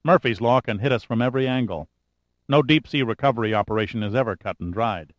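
A man's voice: mid-range voice, fast talker, dry recording, highs cut off, lightly acted. A man voicing an arrogant, charming male adventurer who talks in a dry, clipped, sardonic way in an audiobook.

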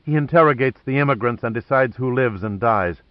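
A tough female agent who speaks with steady, fierce determination, as a male narrator puts her on. The voice stays close to his own, captured in a muffled, dry studio. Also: mid-range voice, brisk, no echo, lightly acted. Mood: earnest.

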